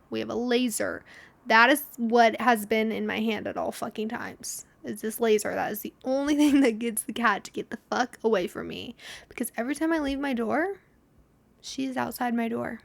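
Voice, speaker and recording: A woman's voice: on the high side, vocal fry, no room sound. A young woman hosting a casual solo podcast, telling stories with swearing, laughter and acted-out quotes. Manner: chatty storytelling with frequent swearing and laughter; acts out quotes in dramatic voices. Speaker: podcast host.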